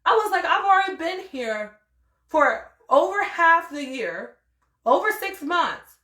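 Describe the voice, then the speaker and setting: A young woman hosts her podcast and tells a story in a lively, exasperated way, acting out what everyone said. Her voice sits high. The room around her is echoey. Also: a little slow. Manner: animated, exasperated storytelling with quoted dialogue. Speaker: podcast host. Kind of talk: casual storytelling.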